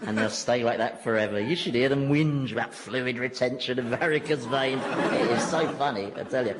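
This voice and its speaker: A man's voice: mid-range voice, moderate pace, in a large hall, some chatter behind, close to an everyday voice, low-quality recording. An actor voicing a sardonic male devil who rules hell, sarcastic and mocking. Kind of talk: 1990s radio comedy acting.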